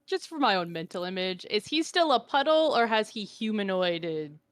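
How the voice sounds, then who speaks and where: A woman running a tabletop game, narrating in a relaxed, joking way with plenty of fillers. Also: mid-range voice, moderate pace, dry recording, studio quality. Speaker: game master.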